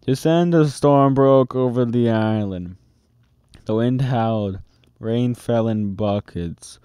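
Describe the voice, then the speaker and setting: A man reading a children's book aloud in a steady, expressive storytelling manner, close to the mic. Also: mid-range voice, slow pace, clear, resonant tone, no echo. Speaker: storybook reader.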